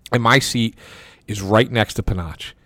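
A man's voice: fairly low pitch, moderate pace, fairly bright tone, dry recording. A man hosting a sports podcast, telling a long anecdote in a casual chatty way, full of restarts and quoted dialogue. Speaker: podcast host. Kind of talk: casual storytelling.

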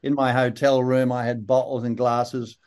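An older man with a broad Australian accent, telling relaxed, rambling anecdotes with dry humour as an interview guest. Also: mid-range voice, normal speed, clean tone. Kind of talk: casual interview storytelling.

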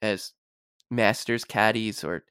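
Male podcast guest, low voice, dry sound, rambling storyteller. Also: takes it slowly, a bit bright, clean tone, no echo. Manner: rambling, repeats words, many likes. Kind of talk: casual sports podcast chat.

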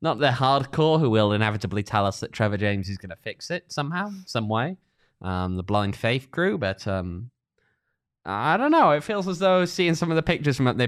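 A man co-hosts a relaxed soccer preview podcast, his pitch swinging up and down as he chats. He runs through fixtures with dry, sarcastic asides. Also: clear, resonant tone. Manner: chatty, lively, dry sarcasm. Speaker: podcast co-host. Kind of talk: casual soccer preview chat.

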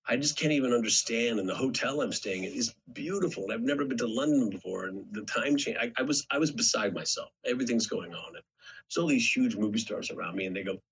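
A middle-aged man with a lowish, husky voice, heard on poor audio. He's a guest actor telling stories in a casual podcast chat, an animated storyteller who acts out the quotes.

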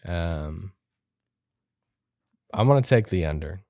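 A man's voice: low-pitched, expressive, takes it slowly, mellow, no echo. A man co-hosting a podcast, chatting about basketball picks in a dry, sarcastic, laid-back way. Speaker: podcast co-host. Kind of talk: casual sports chat.

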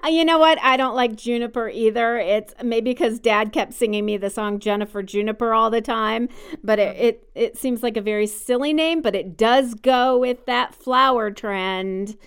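Woman podcast co-host, chatty and sure of her views, very clear tone. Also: a little high, moderate pace. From United States. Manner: opinionated, chatty, explains at length. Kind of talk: casual chat about baby names.

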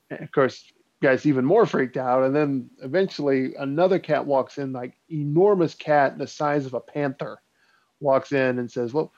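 A man's voice: mid-range voice, normal speed. A man in a casual chat, spinning an old spooky tale in a loose, rambling way full of ums and likes. His voice sits in a middle range. The recording is somewhat dull and muffled. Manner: rambling, relaxed storyteller with many fillers. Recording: dull lo-fi sound.

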